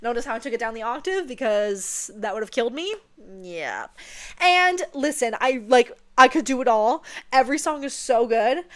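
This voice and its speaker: A woman's voice: high voice, fairly bright tone. A young woman chatting playfully while seated, often checking in with "okay?". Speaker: vlogger. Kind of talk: casual chat.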